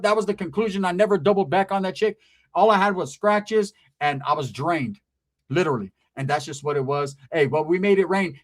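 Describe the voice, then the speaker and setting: Brief: man, higher-pitched, animated comic storyteller, profane and slangy. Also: fairly quick. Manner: profane street slang, animated, acts out voices. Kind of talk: comedic storytelling.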